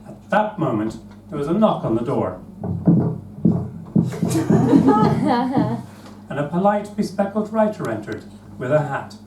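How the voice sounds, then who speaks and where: A man's voice: fairly high pitch, slow, pauses often, recorded from a distance. Man telling a comic story live. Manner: lively, laughing at his own jokes. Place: live theatre stage. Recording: roomy live stage, from afar, noisy.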